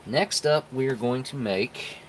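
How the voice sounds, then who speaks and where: A man's voice: mid-range voice, measured pace, slight background noise. Folksy man chatting on a live stream. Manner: chatty, folksy, talks to viewers while tasting. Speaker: live stream host reviewing military rations. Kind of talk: casual live-stream chat.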